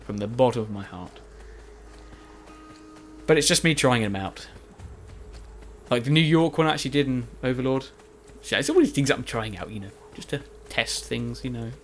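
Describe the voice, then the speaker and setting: A man at medium pitch and normal speed narrates his own gameplay, pausing often, with a little hiss or hum in the recording. The Let's Play commentator's manner is chatty, rambling and self-deprecating.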